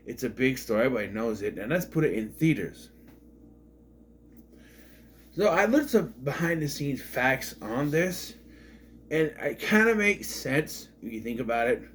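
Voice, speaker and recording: A man's voice: a little high, a little hiss or hum. Rambling, sarcastic male movie reviewer. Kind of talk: casual video review.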